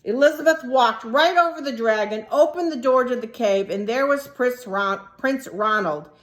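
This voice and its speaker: Animated woman reading aloud to children. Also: fairly high pitch, moderate pace. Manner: animated, asks the listeners questions. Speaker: early childhood teacher. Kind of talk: picture-book read-aloud for children.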